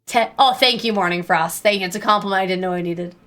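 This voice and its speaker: A young woman streaming live, chatting casually with viewers in a bubbly, self-deprecating way and breaking into squeaky exclamations. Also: quick pace, fairly bright tone.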